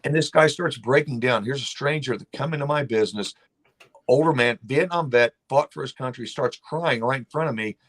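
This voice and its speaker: A man speaking as a guest lawmaker on a talk show, his voice sitting at an everyday middle pitch. He talks in an emphatic, blunt way and drifts into storytelling. His delivery is impassioned. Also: a little fast, fairly bright tone.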